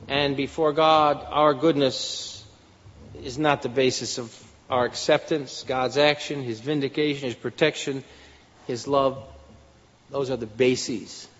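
A man preaching a sermon in an earnest style, his voice rising for emphasis. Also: medium pitch. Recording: dull lo-fi sound with long hall reverb.

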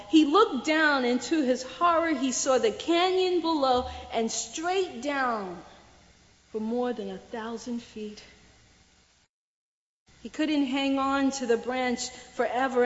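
A woman pastor with a high voice preaches slowly and deliberately, letting each phrase land. Her voice echoes around a church hall with a long reverb, and the sound is slightly dull. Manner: slow, deliberate preaching with emphatic pauses. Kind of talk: sermon.

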